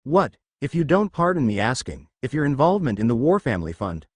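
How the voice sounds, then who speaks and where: Man voicing an uppity young soldier, pointed, quick delivery. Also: medium pitch, very animated, dry recording. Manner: pointed and disdainful.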